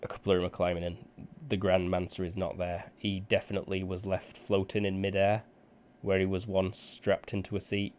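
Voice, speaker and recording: A man narrating a tabletop role-playing game as game master in a relaxed, casual way. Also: low voice, a little fast.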